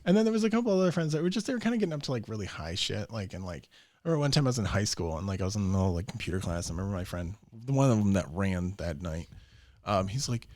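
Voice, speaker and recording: A man's voice: fairly low pitch, fast, no echo, clean studio sound. A young man telling wild stories as a podcast guest, profane and laughing often, acting out what people said. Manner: animated, profane, laughs often, acts out quotes. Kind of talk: casual storytelling.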